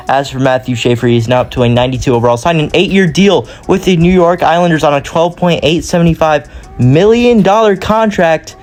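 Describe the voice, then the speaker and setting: A man's voice: fairly high pitch, a little mellow. Rambling young man commenting on a game. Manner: rambling, corrects himself often. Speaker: gaming YouTuber.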